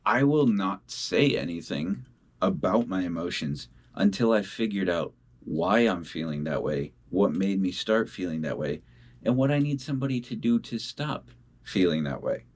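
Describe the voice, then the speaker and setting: In a relaxed home video diary, a young man who makes music independently speaks bluntly and curses a lot. He has a deep, expressive voice and a moderate pace.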